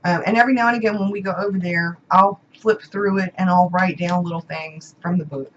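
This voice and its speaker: A woman's voice: on the low side, fairly even intonation, fairly quick, lo-fi sound, slight background noise. Gushing woman unboxing gifts. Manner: emotional, gushing, repeats words. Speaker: vlogger. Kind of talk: casual unboxing chat. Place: home room.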